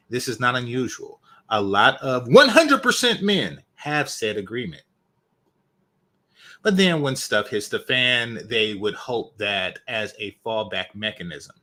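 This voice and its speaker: A man's voice: fairly low pitch, pushed and bright. A man hosting a reaction channel, giving opinionated commentary with emphatic repetitions. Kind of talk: commentary on a video.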